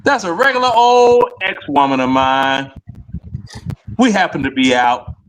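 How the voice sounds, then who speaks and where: A man's voice: a little high, expressive, unhurried. A man joking around as a guest on a livestream, stumbling and repeating words. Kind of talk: casual banter on a livestream.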